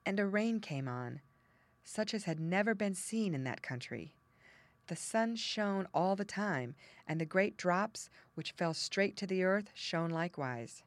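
Woman reading a fairy tale audiobook, lowish voice, dry close sound, measured. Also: animated, dry recording. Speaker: audiobook narrator. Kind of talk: storybook narration.

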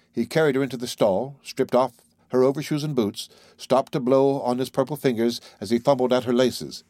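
A man narrating an audiobook in a steady, measured reading style. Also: mid-range voice, dry recording, clean studio sound.

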